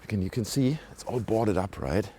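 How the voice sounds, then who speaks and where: With a fairly low, warm and expressive voice, a vlogger who sounds British talks at a moderate pace as he walks around a rural village outdoors. The casual commentary is loose and rambling, packed with asides and fillers. A little hiss or hum comes through the handheld camera recording.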